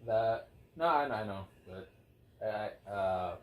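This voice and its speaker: A man's voice: on the low side, lively intonation, a little slow, narrow, tinny audio. A young man co-hosting a podcast, chatting casually and rambling with lots of restarts. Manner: rambling, stumbles and restarts, mumbles. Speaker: podcast co-host. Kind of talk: casual chat among friends. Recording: roomy room with faint hiss.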